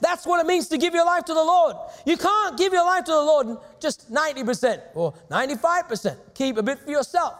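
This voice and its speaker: Man, very high voice, pastor, emphatic sermon, shouts and slow repeats. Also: lively intonation, big-room sound. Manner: emphatic preaching with sudden shouts and slowed repetitions.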